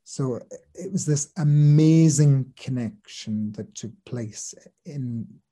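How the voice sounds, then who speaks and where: A man's voice: medium pitch, slow pace. A man, a spirit medium and teacher, telling stories and explaining his work in an earnest interview conversation. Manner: earnest, explanatory, drops soft when quoting others.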